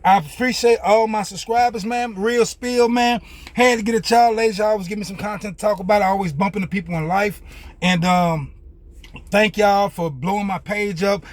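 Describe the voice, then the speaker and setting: A man's voice: high-pitched, fairly even intonation, moderate pace. A young man telling a casual, profane story in loose street slang as a vlogger.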